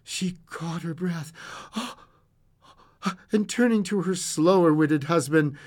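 A man narrating a classic short story aloud in an expressive way, with occasional stumbles and chuckles. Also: a little high, slow pace.

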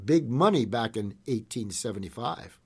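A man's voice: mid-range voice, expressive, moderate pace, slightly rough. A man telling an old-west history story in a folksy, dramatic way, chuckling now and then.

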